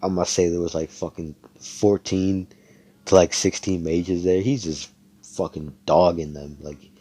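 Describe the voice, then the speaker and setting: A man's voice: sits low, steady tone, measured pace, warm tone. A young man casually recapping a role-play session, rambling, swearing and full of fillers. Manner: rambling, profane, filler-heavy.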